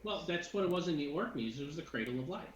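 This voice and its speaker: A man's voice: on the high side, lively intonation, fast. A man narrating as game master for a tabletop game with his players, rambling with many fillers and restarts. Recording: echoey room, dull lo-fi sound, faint noise.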